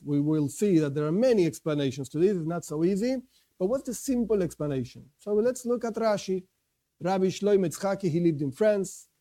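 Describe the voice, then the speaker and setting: High, bright-voiced man teaching a religious class. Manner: conversational, restarts often, asks and answers his own questions. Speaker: Jewish teacher. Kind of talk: informal Torah class.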